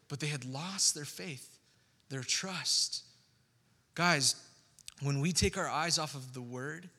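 Preaching in a large hall, a pastor delivers his sermon conversationally and with animation, tossing asides to the congregation. His pitch is fairly high.

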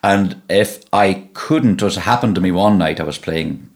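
A middle-aged man from Donegal talks with a broad local Irish accent and a very deep, low voice. He tells his stories in a relaxed, meandering way, stumbling over and repeating his words as he goes. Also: normal speed. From Ireland (Donegal). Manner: relaxed storytelling, frequent repeated words and restarts. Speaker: musician guest. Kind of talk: conversational interview.

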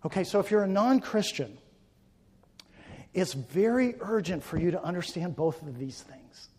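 A male pastor preaching a sermon, swinging between forceful emphatic peaks and quiet hushed passages. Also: high voice, animated, moderate pace, breathy edge. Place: church sanctuary. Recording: long church reverb.

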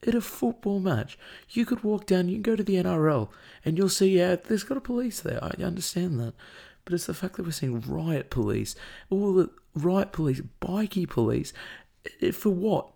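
A man's voice: high voice, big pitch swings, normal speed, creaky, warm tone. An Australian man hosting a show, delivering an angry, profane and emotional rant as commentary.

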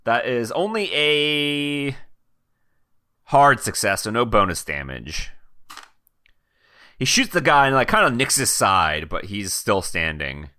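A man's voice: medium pitch, sing-song, takes it slowly, long pauses, pushed and bright. A man narrating as game master in a tabletop game, casual and full of "like" and laughs.

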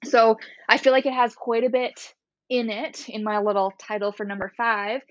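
A woman's voice: a little high, flat delivery, moderate pace, dry recording, lo-fi sound. A woman physiotherapist explaining exercises in a casual, chatty way, laughing often and guiding breathing step by step.

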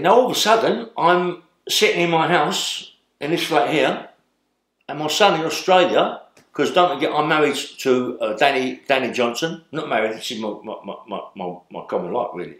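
A man's voice: mid-range voice, a bit bright, echoey room. An older man, telling stories in a rambling way as an interview guest and tagging lines with "yeah?". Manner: rambling, tag questions like "yeah?". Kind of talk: storytelling in a sit-down interview.

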